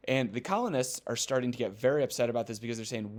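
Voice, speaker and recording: A man gives a recorded history lecture in an easy, chatty manner. His pitch sits in a middle range, and he fills pauses with ums and throws in jokes. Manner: casual, joking, acts out quoted voices. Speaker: teacher.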